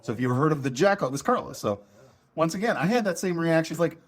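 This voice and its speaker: Middle-aged man, from Minnesota, podcast co-host, animated storyteller, voice rising and falling a lot. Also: fairly high pitch, racing. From Minnesota, USA. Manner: animated storyteller, laughs often. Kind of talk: casual chat between old friends.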